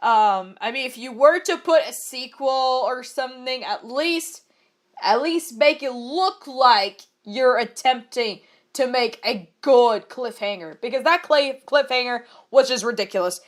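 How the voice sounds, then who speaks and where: A high-voiced young woman doing a comedic reading aloud, giggling and tossing in exasperated asides. She trips over words now and then but keeps going. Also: expressive, unhurried. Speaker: online reader of bad fanfiction.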